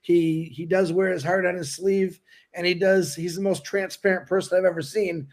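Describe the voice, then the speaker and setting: A man with a notably high voice chats casually as a guest on a call. He laughs often and speaks freely. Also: fairly even intonation, moderate pace. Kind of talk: casual chat.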